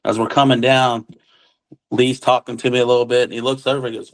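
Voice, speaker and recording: A man of ordinary pitch telling a story in a loose, conversational way. He slips into the voices of the people he is quoting and drops casual military slang as he goes. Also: fast talker, rough recording. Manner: acts out quoted dialogue, relaxed military slang. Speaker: witness recounting an encounter.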